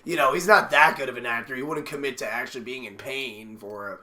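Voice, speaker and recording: A man's voice: medium pitch, quick pace, bright, forceful tone. Mocking young man, laughing often. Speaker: podcast co-host. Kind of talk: casual comedic chat.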